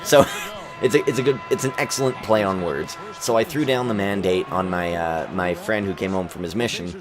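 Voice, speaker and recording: A man's voice: deep voice, moderate pace, music in the background. A young man hosting a gaming video, chatting casually and rambling with lots of fillers and restarts. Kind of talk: casual chat over gameplay. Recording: crowd noise from the game behind. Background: basketball game crowd.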